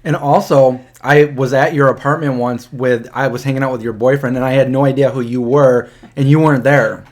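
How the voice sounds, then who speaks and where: A man's voice: medium pitch, fairly even intonation, fairly quick. Easygoing man hosting a live chat. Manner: easygoing, reads out questions, shouts out viewers. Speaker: host. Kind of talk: live stream chat, reading viewer questions. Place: indoors, eating lunch. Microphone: external mic.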